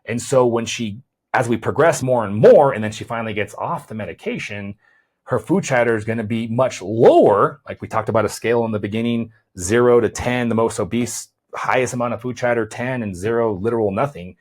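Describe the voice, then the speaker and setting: Speaking briskly at medium pitch, a man who hosts a podcast as a chiropractor talks about weight loss in a conversational way. He tends to repeat words as he thinks and checks in with "right?".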